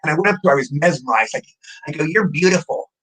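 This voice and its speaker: A man in his sixties, an actor guest telling rapid, excitable anecdotes in a casual interview, often repeating words as he goes. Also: on the high side, husky, low-quality recording. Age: 60s.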